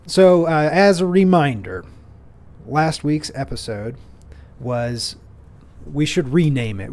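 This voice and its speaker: A man's voice: medium pitch, darkish tone. Rambling, chatty male podcast host. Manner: rambling, self-deprecating storytelling with many fillers. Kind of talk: casual solo monologue.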